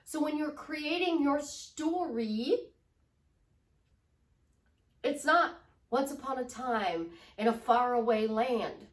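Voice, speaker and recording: A woman from Chicago talks as a relationship life coach, slow and high-voiced with an upbeat, gushing manner. Her voice sits back from the mic. The room around her is echoey. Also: animated, recorded from a distance. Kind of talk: motivational vlog talk.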